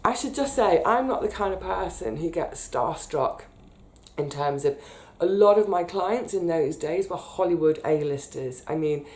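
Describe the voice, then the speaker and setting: British woman, casual vlog storyteller, mellow and lowish, animated. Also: normal speed. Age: 30s. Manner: chatty, animated, emotional when retelling.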